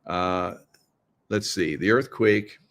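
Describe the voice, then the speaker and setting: A middle-aged livestream host chats live to viewers, rambling and conspiratorial, laughing often. His voice sits low, slow-paced with a fairly bright tone, picked up on a computer mic while he shares his screen.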